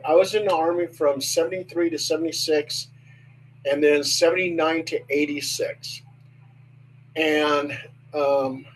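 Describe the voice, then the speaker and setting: An older man, a guest, slowly recounting a personal story in a hesitant way with many pauses. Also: a little high, slight background noise, poor audio. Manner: slow, hesitant with many ums. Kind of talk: storytelling in casual conversation.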